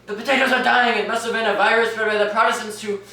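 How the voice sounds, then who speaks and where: A teenage boy playing a melodramatic, cursing father, performed for a high school duo interpretation. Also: little pitch movement, fast. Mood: raging. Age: teens. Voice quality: loud, ranting, melodramatic. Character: bellowing middle-aged Irish father, cursing everything. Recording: echoey room, mic far off.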